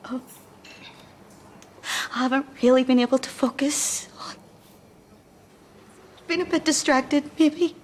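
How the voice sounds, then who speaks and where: An actress playing a young waitress who speaks hesitantly and apologetically. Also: female voice, fairly low pitch, a little hiss or hum, lightly acted. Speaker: sitcom character, waitress.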